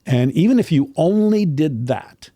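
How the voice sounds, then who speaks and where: A man's voice: fairly high pitch, expressive, a little slow, dark tone, no echo. Man voice coach explaining dialect sounds. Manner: demonstrates vowel sounds, clears throat often. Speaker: voice coach guest. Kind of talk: casual interview explanation.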